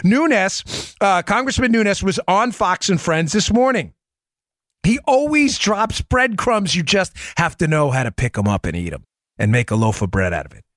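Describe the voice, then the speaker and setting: A man's voice: high voice, lively intonation, normal speed, a bit bright, no room sound, studio quality. A man hosting a political commentary podcast, speaking emphatically, firing off rhetorical questions and turning to his co-host by name.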